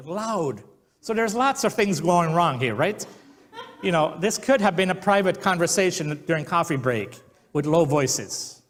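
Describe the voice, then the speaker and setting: Brief: male pastor, a bit high-pitched, lively storyteller who acts out the quotes. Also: a little slow. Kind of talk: sermon.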